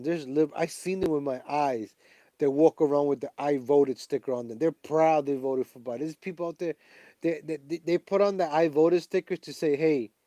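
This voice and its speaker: A man's voice: on the high side, mellow, no room sound. A man ranting animatedly in a political vlog, full of asides and restarts. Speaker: vlogger. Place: home in Pennsylvania.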